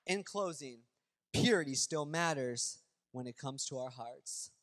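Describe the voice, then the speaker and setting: A middle-aged male pastor preaching a sermon in a church, animated and casual, swinging between loud and hushed. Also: medium pitch, unhurried. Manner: casual, addresses crowd as y'all. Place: church sanctuary. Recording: long hall reverb, faint music.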